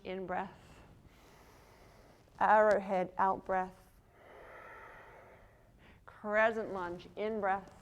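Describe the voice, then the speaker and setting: A woman teaching a yoga class, calmly cueing poses and breaths while moving, breathing heavily herself. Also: medium pitch. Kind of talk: guiding a yoga flow.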